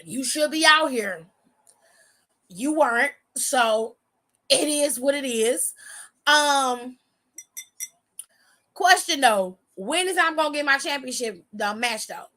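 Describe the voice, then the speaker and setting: A woman's voice: high voice, expressive, slow pace, pauses often, pushed and bright. A woman hosting a casual wrestling recap, talking in a sassy, profane, slangy way.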